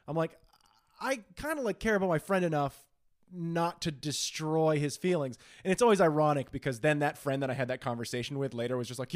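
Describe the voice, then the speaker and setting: A man with a fairly high, lively voice, riffing alongside his co-host on a casual podcast. He tosses in wisecracks and steady agreement, then rambles into his own views. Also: fast. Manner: joking, chiming in with quips and agreement. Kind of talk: casual chat.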